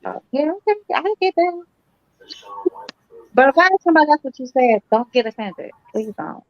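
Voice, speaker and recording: A high-voiced woman with a Chicago accent, her pitch swinging widely as she talks bluntly and curses freely. Her voice comes through dry and a little dull, with no room sound. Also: brisk, dry recording. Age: older. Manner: blunt, profane, animated. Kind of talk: casual podcast chat.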